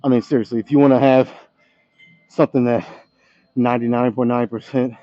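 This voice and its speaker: A man's voice: medium pitch, level tone, brisk, dry recording, muffled recording. A man talking casually to camera in a gym between heavy sets, out of breath, candid and swearing now and then. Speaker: fitness vlogger. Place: gym by the dumbbell rack.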